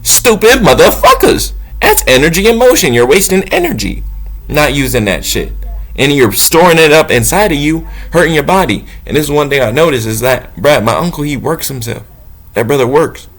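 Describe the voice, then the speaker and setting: A man's voice: big pitch swings, fairly quick. Blunt, profane man preaching self-belief. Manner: blunt and profane, swinging between low musing and loud preaching. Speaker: motivational talker. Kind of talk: unscripted spiritual monologue.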